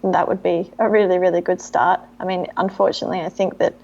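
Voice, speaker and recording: A woman's voice: on the low side, level tone, fast, gravelly, a little mellow. A woman talks earnestly and thoughtfully as a guest in a casual chat. The recording sounds a little dull and muffled.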